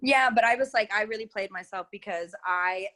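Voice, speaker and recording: A woman's voice: mid-range voice, normal speed. Chatty young woman with British-LA accent. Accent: mix of British and Los Angeles. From England. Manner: chatty, many "like" and "you know" fillers, lively. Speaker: interview guest, reality show contestant. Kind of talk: casual chat.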